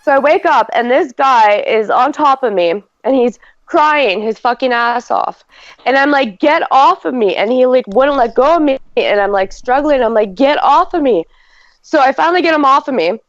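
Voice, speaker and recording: A woman in her thirties from Canada tells a rambling story on a casual podcast, her voice sitting a little high. She piles on fillers and acts out quoted lines as she goes. The audio is dry and slightly dull, like a lo-fi podcast mic. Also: normal speed, no echo. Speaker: podcast co-host. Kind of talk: casual chat.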